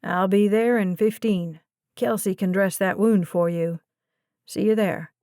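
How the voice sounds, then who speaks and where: A woman's voice: medium pitch, steady tone, measured pace, mellow, no room sound, clean studio sound, lightly acted. Woman doing a serious southern male detective. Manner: serious, clipped.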